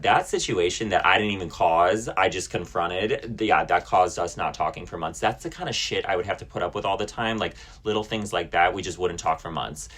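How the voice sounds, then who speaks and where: Husky, low-voiced, indignant man ranting. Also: a bit bright. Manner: blunt, indignant, swearing, many "like" fillers. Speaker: vlogger. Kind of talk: casual storytime rant to camera.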